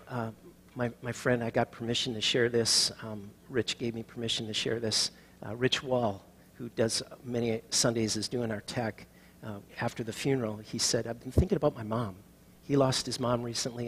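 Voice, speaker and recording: A middle-aged male pastor giving a sermon and telling stories, rising to loud proclaiming and dropping to soft, near-whispered lines. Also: medium pitch, slight background noise. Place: church sanctuary.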